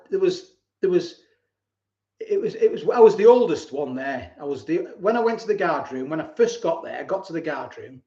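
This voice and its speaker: A man's voice: fairly high pitch, warm tone. A man in his forties hosting a live stream. He tells stories in a rambling way, repeats words and often chuckles. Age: 40s. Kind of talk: casual live-stream chat and storytelling. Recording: roomy, dull lo-fi home stream.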